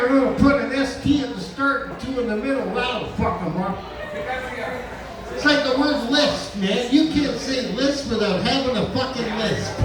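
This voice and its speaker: Stand-up comic, man in his fifties, brash and profane, recorded distant in a roomy bar. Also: extremely high pitch. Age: 50s. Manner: brash, profane, rapid asides to the crowd. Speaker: stand-up comedian. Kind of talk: stand-up comedy set. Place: bar stage. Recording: roomy bar sound from far off, noisy.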